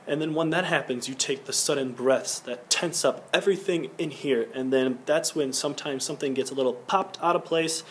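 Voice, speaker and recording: A young man with a fairly high-pitched voice talks a little fast, hardly pausing, with slight background noise. Earnestly teaching singing for a school project, he explains each point and sometimes sings a quick vowel to show it.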